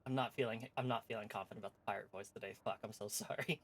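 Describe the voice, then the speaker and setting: A man streaming a game, reading its story text in a calm, low-key way and chatting casually between the lines. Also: very fast, dry recording.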